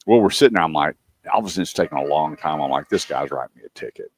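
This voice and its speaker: A man's voice: rumbling low, rapid-fire, breathy edge. A man hosting a radio show, telling stories casually and acting out what others said. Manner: animated storyteller, acts out quotes.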